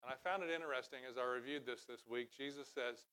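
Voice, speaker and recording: A middle-aged man preaching a sermon from a church stage, talking conversationally and then building to loud, emphatic passages. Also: medium pitch, fast, clear, resonant tone. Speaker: pastor.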